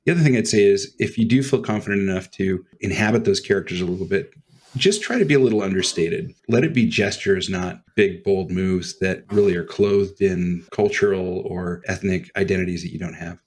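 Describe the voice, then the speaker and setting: Husky low-voiced man chatting. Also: a little fast. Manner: relaxed, storytelling with laughs. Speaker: podcast co-host. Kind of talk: casual chat.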